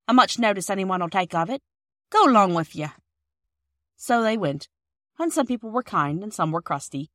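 Female audiobook narrator, clear steady storytelling, very dry close mic. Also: medium pitch, no room sound. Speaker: audiobook reader.

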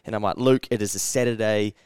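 A man's voice: on the low side, quick pace, clear, resonant tone, no echo, studio quality. A man with a New Zealand accent, co-hosting a podcast and telling stories in casual chat, swearing freely and acting out the people he quotes. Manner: animated storyteller, swears freely, acts out quoted voices. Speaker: podcast co-host.

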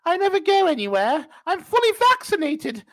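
A man mocking a whiny falsetto complainer. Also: very animated, moderate pace, pushed and bright, exaggerated voice, low-quality recording. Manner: sneering parody. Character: whiny self-pitying vaccinated adult man.

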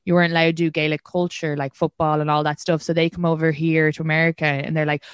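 A woman's voice: low voice, flat delivery, fast, clear, resonant tone, no room sound. A young Irish woman hosting a podcast, chatting candidly and swearing freely, with lots of fillers. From Ireland. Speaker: podcast host. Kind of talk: casual chat.

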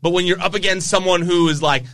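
A man co-hosting a wrestling podcast in casual chat, excitable, laughing often and acting out quotes. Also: high-pitched, fast.

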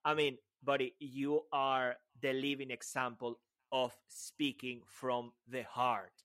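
A man's voice: medium pitch, level tone, slow pace, a bit bright. A man co-hosting a podcast, effusive and playful, heaping praise on his guest. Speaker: podcast co-host. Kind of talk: casual podcast chat.

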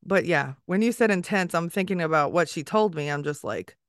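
A woman's voice: fairly low pitch, lively intonation, brisk, no room sound, studio quality. A woman hosting a podcast interview, talking in a rambling, emotional way with many fillers while holding back tears. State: tearful. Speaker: podcast host. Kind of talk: casual conversation.

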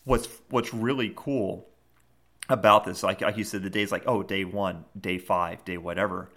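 Low-voiced male co-host, rambling casual retelling. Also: fairly even intonation, normal speed, bright, forceful tone. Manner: rambling retelling full of fillers. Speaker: podcast co-host. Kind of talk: casual chat.

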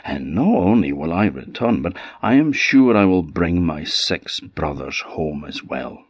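A man's voice: deep voice, very animated, a little slow, dry recording, full character voice. Man doing the earnest young ash lad. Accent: Orcadian. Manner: earnest, hesitant. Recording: slightly dull audio.

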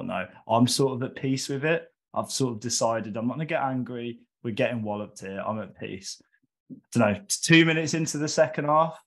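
A man on a podcast telling a comic football story, lively, with loud high-pitched bursts when quoting others. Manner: animated, shouts quoted lines in a high voice. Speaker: guest storyteller.

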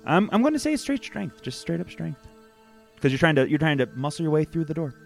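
A man narrating as game master of a tabletop game, lively, laughing often and hesitating with fillers. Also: a little high, a little fast, gravelly, soft background music.

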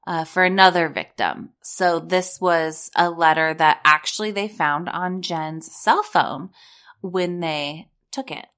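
Blunt, sarcastic woman commentator, lowish voice. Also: fairly bright tone. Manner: blunt, sarcastic, swears freely. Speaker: reality TV commentator. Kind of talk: casual commentary, reading court documents aloud.

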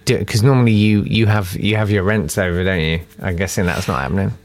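A man's voice: low voice, fairly quick. A man hosting a podcast, chatting casually in a jokey, rambling way. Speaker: podcast host. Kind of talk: casual chat.

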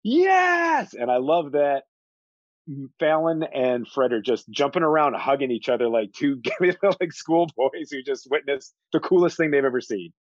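A man's voice: mid-range voice, moderate pace, darkish tone, no echo. Laughing, enthusiastic man on a dull mic. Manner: enthusiastic, laughing often, acting out movie lines. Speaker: podcast co-host discussing a film. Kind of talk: casual film discussion.

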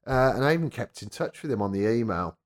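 A man's voice: medium pitch, animated, quick pace. A man, a rock radio presenter and former punk singer, telling an anecdote in a casual interview, acting out quoted voices as he goes.

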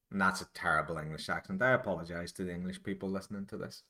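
A man's voice: low-pitched, steady tone, racing, bright, forceful tone. A Northern Irish man hosting a solo podcast, musing in a rambling, digressive, self-deprecating way. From Northern Ireland. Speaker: podcast host.

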